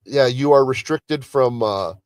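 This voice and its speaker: A man's voice: medium pitch, unhurried, no room sound. A man co-hosting a casual podcast, sarcastic and laughing often as he reacts to videos. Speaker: podcast co-host.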